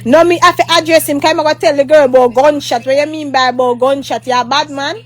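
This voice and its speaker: Fast-talking and high-voiced, this woman keeps her intonation fairly even while ranting through a heated storytime for her vlog. Her Jamaican accent comes through as she rambles, repeats herself, swears often and drifts into mock prayer.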